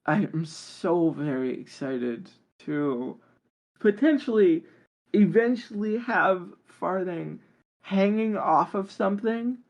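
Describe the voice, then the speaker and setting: On a tabletop game podcast, a guest chats casually in an interview, enthusiastic and rambling with plenty of fillers. The voice is medium-pitched, expressive and slow-paced.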